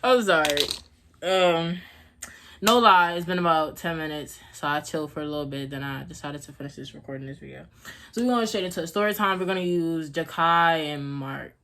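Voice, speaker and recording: A woman's voice: low-pitched, fairly quick, a bit bright, a little hiss or hum. A young woman vlogging at home, telling a casual story in a rambling, slangy way with laughs.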